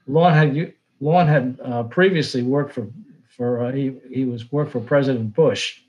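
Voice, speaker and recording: A man's voice: medium pitch, a little slow, darkish tone, dull audio. Older man telling stories. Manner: anecdotal, rambling with fillers and restarts. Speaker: sportswriter guest. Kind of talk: casual storytelling.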